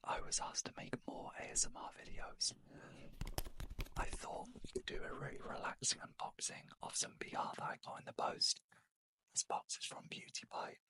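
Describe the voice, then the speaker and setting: A British woman doing a whispered ASMR unboxing as a beauty vlogger, hushed and slow with wry asides. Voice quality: soft unvoiced whisper.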